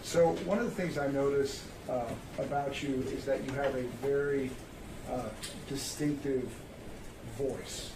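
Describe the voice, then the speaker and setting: A man working as defense attorney, questioning his client in a measured, halting way. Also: mid-range voice, fairly even intonation. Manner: measured, hesitant with fillers. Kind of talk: courtroom questioning. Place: courtroom. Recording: echoey courtroom, distant mic, noisy.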